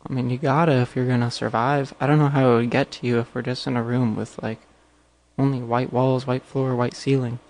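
Male podcast co-host, casual, meandering delivery, mid pitch. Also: flat delivery, brisk, darkish tone. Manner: rambling, full of fillers and hedges. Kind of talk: casual chat.

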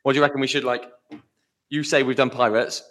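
A man with a mid-range voice co-hosting a podcast in casual chat. He rambles through his points, and his phrases often trail off quietly at the end. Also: medium pitch, little pitch movement, fast talker. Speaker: podcast co-host.

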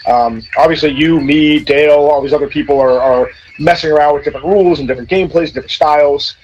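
A man as a podcast guest in casual chat, rambling and animated. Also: fairly high pitch, quick pace, a little hiss or hum. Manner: rambling, animated, many restarts. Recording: dull lo-fi sound.

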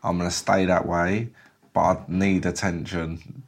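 A man's voice: low voice, little pitch movement, a little slow, vocal fry, husky. A man in his twenties, a son talking in a laid-back, evasive way. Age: 20s. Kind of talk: casual chat.

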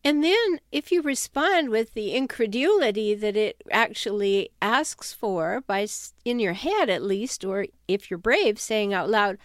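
A woman speaking as a self-help author, talking straight to her listeners with a wry, no-nonsense edge. Her voice is smooth and resonant, and the recording is close and dry with no room sound. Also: medium pitch, animated, unhurried, few pauses, dry recording. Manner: wry, direct, with uneasy laughs. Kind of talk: conversational talk to camera or listeners.

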